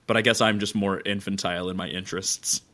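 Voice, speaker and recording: Low-voiced man joking dryly. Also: fairly even intonation, fast, sharp tone. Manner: dry joking interjections. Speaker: podcast co-host. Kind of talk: casual podcast banter.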